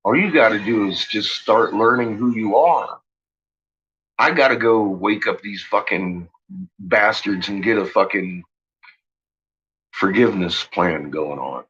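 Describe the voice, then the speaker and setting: Husky-voiced man, profane rambling rant, dull lo-fi sound. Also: fairly low pitch, unhurried, long pauses. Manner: profane, ranting, shouts in retold quotes. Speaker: host. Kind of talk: rambling late-night monologue.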